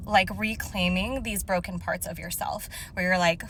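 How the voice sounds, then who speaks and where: A young woman speaking casually as a spiritual channeler, emotional and halting, full of fillers as she describes images to viewers. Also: on the low side, fairly even intonation, a bit bright, slight background noise. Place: car.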